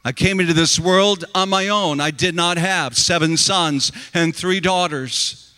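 Solemn grieving man read by a preacher, slow and bright, in a reverberant hall. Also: high-pitched, clear, resonant tone. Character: suffering older man resigned to loss.

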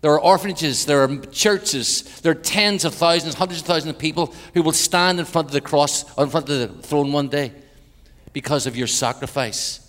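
Irish man, visiting preacher, joking sermon and hushed prayer, long church reverb. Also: on the high side, moderate pace. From Ireland. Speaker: guest preacher. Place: large church.

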